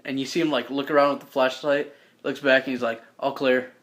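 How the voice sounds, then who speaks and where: Bright-voiced man running a tabletop game. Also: mid-range voice, steady tone, fast. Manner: casual, swearing, laughs often. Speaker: game master.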